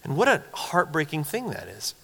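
A man's voice: a little high, huge pitch swings, moderate pace, gravelly, a bit bright, breathy edge. A man pastor giving a sermon, telling stories in a conversational, earnest and reflective manner. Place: church sanctuary. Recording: long church hall reverb.

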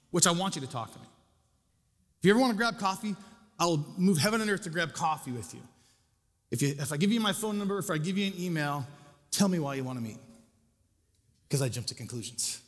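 A man's voice: sits high, long reverb tail. A male pastor preaching a sermon, conversational and self-deprecating, with casual asides to the congregation.

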